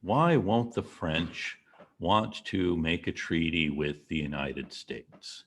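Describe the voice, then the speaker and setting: A man's voice: low voice, slow pace, slight background noise. A man giving a classroom history lecture, telling the story and asking the class questions.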